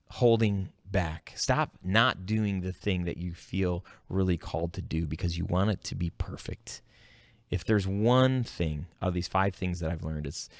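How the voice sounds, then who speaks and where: A man hosting his own podcast, telling stories in a casual, animated way and jumping up in pitch when he quotes himself. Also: dry recording, clean studio sound. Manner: animated storytelling, jumps high when quoting himself. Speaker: podcast host. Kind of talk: casual solo podcast monologue.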